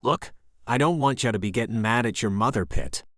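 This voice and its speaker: A man's voice: medium pitch, animated, brisk, fairly bright tone, no echo, studio quality, close to an everyday voice. A man voicing an Irish resort owner who talks in a lilting, insistent way.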